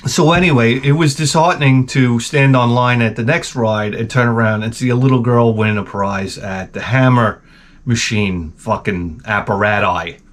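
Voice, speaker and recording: A man's voice: medium pitch, moderate pace, slight background noise. A man in his forties, the channel host, telling a profane, rambling comedic rant.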